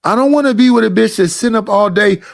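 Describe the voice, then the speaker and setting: A man's voice: high-pitched, fast, creaky, dry recording, clean studio sound. A man streaming reaction commentary in a blunt, profane, ranting manner, with speech.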